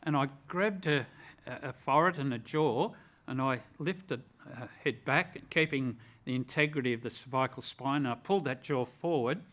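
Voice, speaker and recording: An older man with an Australian accent, a retired rescue officer and ambulance chaplain, telling a personal story in an earnest, measured and reflective way. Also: medium pitch, fairly bright tone.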